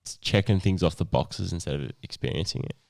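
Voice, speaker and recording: Young man, podcast co-host, laid-back, sweary, very deep voice. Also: fairly quick, gravelly, darkish tone. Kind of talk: casual chat.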